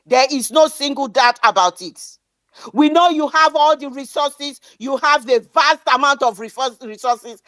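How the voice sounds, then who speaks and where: A woman's voice: high-pitched, fairly bright tone, dry recording. A woman giving an impassioned political speech, defiant and declamatory, repeating lines for emphasis. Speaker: speaker at an online activist meeting.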